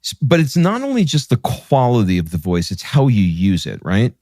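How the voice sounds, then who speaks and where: A man's voice: medium pitch, huge pitch swings, normal speed, dark tone, no echo, clean studio sound. A man hosting a podcast interview, asking short, curious follow-up questions. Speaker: podcast host. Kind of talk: conversational interview.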